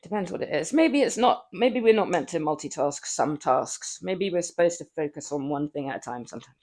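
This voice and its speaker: A woman livestreaming from her flat, chatting playfully with viewers and laughing often while she works out, a little out of breath. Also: low voice, brisk. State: out of breath from exercise. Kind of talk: casual livestream chat while working out. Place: home flat.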